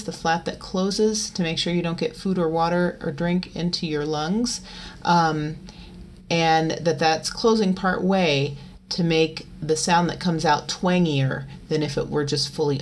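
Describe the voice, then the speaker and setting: A woman with a fairly low speaking voice leads a singing lesson in a relaxed, chatty way. She stops now and then for loud twangy sung demonstrations. A faint hiss sits under the recording. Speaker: voice teacher. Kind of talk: vocal lesson.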